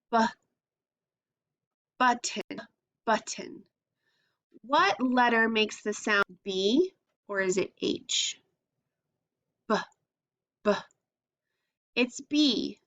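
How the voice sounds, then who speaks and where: A woman's voice: mid-range voice, fairly bright tone, dull audio. A woman teaching a phonics lesson to young children, patiently sounding out letters and asking simple questions.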